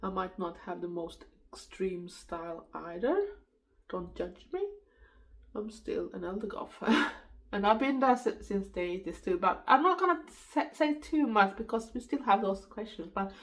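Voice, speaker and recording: A woman's voice: medium pitch, animated, moderate pace, rough recording. A Swedish woman in her fifties, a native Swedish speaker, chatting casually through a makeup tutorial in a rambling, laughing way. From Sweden. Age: 50s. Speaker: makeup vlogger. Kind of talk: casual get-ready-with-me chat.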